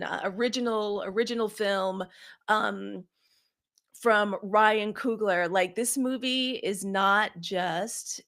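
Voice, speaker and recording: A woman in her fifties from Mississippi, hosting a live stream in a casual, effusive way and greeting viewers often. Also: mid-range voice. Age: 50s. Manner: warm, effusive greetings to viewers, lots of "y'all". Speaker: livestream host. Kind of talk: casual livestream chat. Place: home setup.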